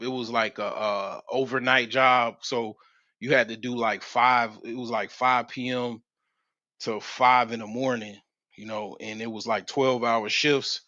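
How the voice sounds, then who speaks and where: A man's voice: mid-range voice, pushed and bright, no room sound. A man in his forties telling a rambling, slangy story on a livestream, full of restarts and profanity. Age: 40s. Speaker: livestream host. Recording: slightly dull, dry lo-fi mic.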